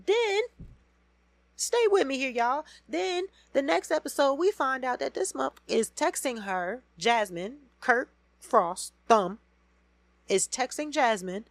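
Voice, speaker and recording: A woman podcast host talking alone in a casual rant, blunt and full of profanity. She swings from low muttering to loud, high emphatic bursts. The sound is dry and close to the mic. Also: dry recording. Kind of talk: casual solo reality TV rant.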